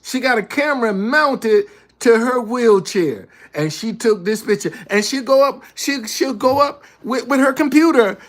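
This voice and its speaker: Slow, preachy man repeating his points. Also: very high-pitched, lively intonation, a bit bright. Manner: preachy, repeats key lines for emphasis. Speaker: motivational speaker. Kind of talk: motivational talk. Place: indoors, a hot room.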